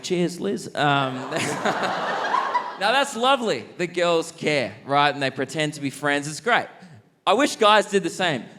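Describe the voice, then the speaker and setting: Lively young Australian comedian on stage. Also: male voice, a little high. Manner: rambling, self-mocking, laughs at his own jokes. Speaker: stand-up comedian. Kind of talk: stand-up comedy. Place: large theatre on stage.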